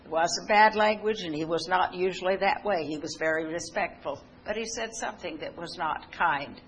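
A woman's voice: lowish voice, normal speed, breathy edge, low-quality recording. Older woman telling a homespun sermon story. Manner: homespun, conversational, with restarts and asides. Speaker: speaker giving a testimony talk. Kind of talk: sermon-style personal storytelling.

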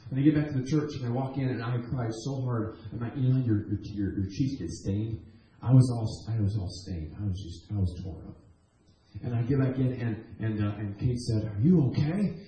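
Guy preaching his testimony in a church, real dark mellow voice, big echo all around. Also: mid-range voice, a little fast. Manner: earnest, animated storytelling with repeated restarts. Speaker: guest preacher. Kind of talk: emotional testimony sermon. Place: church sanctuary. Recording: echoey church hall.

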